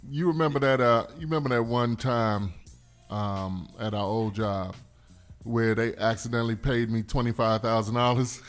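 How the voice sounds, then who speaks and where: A man's voice: medium pitch, fairly even intonation, moderate pace, soft background music. A man in casual chat, telling a story with laughter and swearing.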